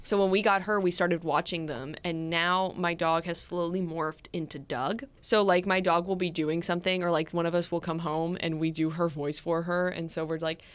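A woman's voice: lowish voice, steady tone, moderate pace, few pauses, clear, resonant tone, dry recording. A teenage woman hosting a podcast, chatting in an enthusiastic, casual way. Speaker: podcast host. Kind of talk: casual chat.

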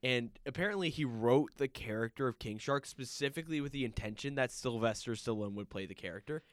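A man chatting casually as a podcast co-host about a movie, halting and restarting often. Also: medium pitch, no room sound. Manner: halting, with many restarts and laughs.

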